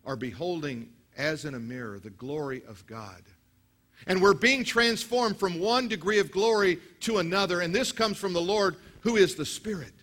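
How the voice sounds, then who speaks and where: A man preaching a sermon as pastor, telling stories with acted quotes and lively delivery. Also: sits high. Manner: storytelling, animated with acted quotes.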